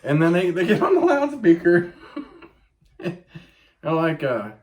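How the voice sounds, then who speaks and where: This podcast co-host has a high voice and takes his time. He's an animated storyteller in a loose, casual chat, cursing without restraint.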